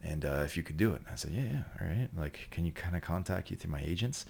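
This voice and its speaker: A man's voice: deep voice, fast, creaky, a little mellow, slight background noise. A Canadian actor, a man, chatting as a podcast guest and telling rambling, profane stories full of restarts. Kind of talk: casual storytelling chat.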